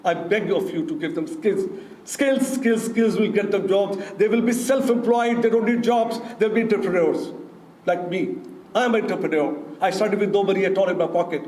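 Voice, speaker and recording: Entrepreneur, male, high voice, urgent pleading speech; far mic, roomy hall. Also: normal speed, a little mellow. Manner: impassioned, pleading, repeats key words. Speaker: entrepreneur speaker. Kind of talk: passionate conference speech. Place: conference auditorium. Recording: echoey auditorium, mic at a distance.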